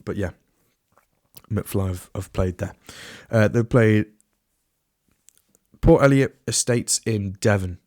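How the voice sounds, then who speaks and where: A man's voice: lowish voice, slow pace, long pauses, darkish tone, no room sound, studio quality. A man hosting a solo podcast in a casual, rambling way, often restarting and trailing off into asides. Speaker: podcast host.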